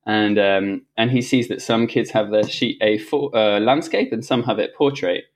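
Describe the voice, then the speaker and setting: A man with a fairly low voice, a guest on a podcast, recounting a personal story in a relaxed conversation. He talks in an animated, reflective way, often restarting sentences and laughing as he goes. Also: normal speed.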